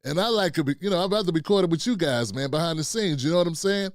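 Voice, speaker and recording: A man's voice: fairly high pitch, fast talker, no room sound, clean studio sound. A middle-aged man, hosting a casual live stream, loose and chatty and calling out to his viewers. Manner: loose and chatty, talks to chat and producer, frequent "man" and "fam". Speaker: live-stream show host.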